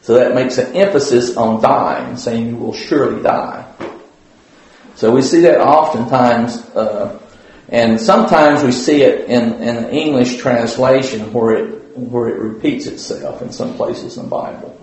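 A man's voice: medium pitch, unhurried, darkish tone. A man giving an informal Bible lesson at church in a folksy, rambling way, with many fillers and restarts. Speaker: Bible study teacher. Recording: very echoey room.

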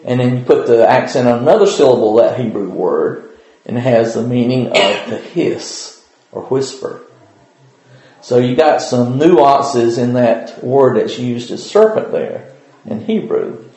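A man giving an informal Bible study, talking with frequent pauses and "uh"s as he thinks aloud. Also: mid-range voice, animated, mellow, reverberant, poor audio. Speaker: Bible teacher.

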